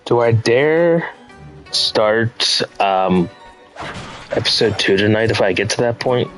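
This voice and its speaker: A man's voice: fairly low pitch, a bit bright, rough recording. A man streaming a game and talking casually, musing and rambling about his plans as he plays. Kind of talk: casual live-stream commentary. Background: faint game music.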